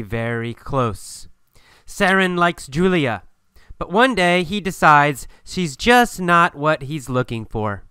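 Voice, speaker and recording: A man teaching English through a story, speaking slowly and emphatically and asking and answering his own questions. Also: a little high, bright, forceful tone, clear, resonant tone, no echo. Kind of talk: storytelling language lesson.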